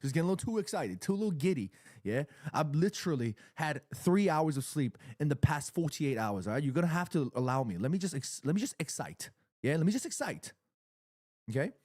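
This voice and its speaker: An excitable man runs a live football watchalong stream. He reacts to every move and reads viewers' comments aloud. His voice sits a little high, and the sound is dry and close. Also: brisk, dry recording. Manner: excitable, chatty fan commentary.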